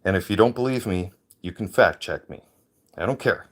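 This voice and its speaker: A man's voice: low voice, lively intonation, moderate pace, husky. A man ranting in a heated, profane way into a handheld phone on a livestream. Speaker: veteran livestreamer. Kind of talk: angry livestream rant.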